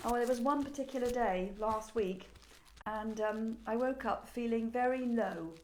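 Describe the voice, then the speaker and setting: A woman who owns a shop, chatting expressively and often pausing on "um". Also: fairly high pitch, rough recording. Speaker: furniture shop owner and host. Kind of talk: casual chat. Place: in her shop.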